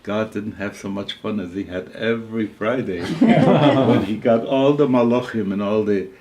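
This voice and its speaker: A man's voice: fairly low pitch, darkish tone, natural voice. An old man voicing a grave mystic master. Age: 80s. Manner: grave, measured. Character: solemn revered male mystic master, pronouncing judgment.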